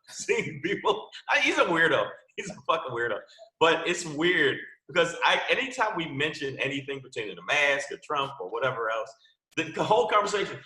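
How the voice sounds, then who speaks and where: Comedy podcast host, man, high and bright, very lively delivery. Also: echoey room. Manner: animated, joking, laughing often. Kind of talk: casual comedy podcast chat.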